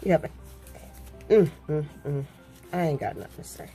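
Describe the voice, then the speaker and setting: A woman chatting casually to her viewers, gushing and excitable, often repeating herself as she talks. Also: low voice, normal speed, faint music behind. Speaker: crafting vlogger.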